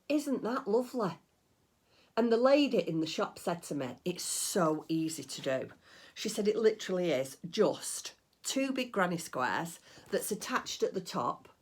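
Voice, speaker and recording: Middle-aged woman, low voice, chatty home crafting vlog, rambles and gushes. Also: husky. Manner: chatty, rambling, gushing with delight. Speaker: crafting vlogger. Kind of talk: casual chat.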